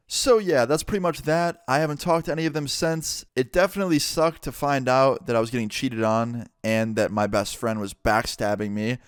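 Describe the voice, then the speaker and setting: A young man telling a personal story to camera in a casual, profane, animated way. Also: medium pitch, moderate pace, hardly any pauses, clear, resonant tone, no echo, studio quality. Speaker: vlogger. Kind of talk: storytime narration.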